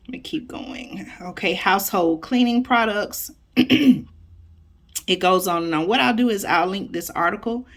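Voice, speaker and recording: A woman's voice: medium pitch, a little slow, pauses often. A woman, casually reading a news article aloud and commenting on it, often tagging on "okay?" and "y'all" and correcting her slips. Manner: chatty, keeps adding "okay?" and "y'all", stumbles and corrects herself. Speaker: YouTube host reading news.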